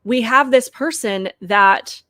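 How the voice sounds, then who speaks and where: A woman's voice: fairly high pitch, slow, sharp tone, dry recording. A woman hosting her own channel, giving earnest, opinionated political commentary straight to her viewers.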